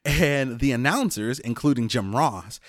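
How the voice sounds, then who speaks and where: Brief: man in his thirties, mid-pitched, dry close sound, casual podcast storyteller who rambles and chuckles. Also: expressive, unhurried, no room sound. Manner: rambling, chuckles often, many fillers. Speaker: podcast host.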